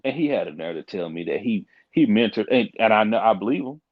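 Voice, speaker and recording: A man's voice: lowish voice, expressive, no room sound. Brief: young man, podcast guest, frank emphatic storyteller, muffled dry recording. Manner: frank, emphatic, fast restarts. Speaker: podcast guest, court caseworker. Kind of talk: animated casual storytelling.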